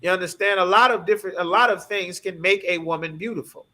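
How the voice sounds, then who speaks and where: A man preaching through a scripture lesson, emphatic and constantly checking that his listeners follow. His voice sits high for a man, bright and forceful. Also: quick pace. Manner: emphatic, keeps asking "you understand?". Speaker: scripture class teacher.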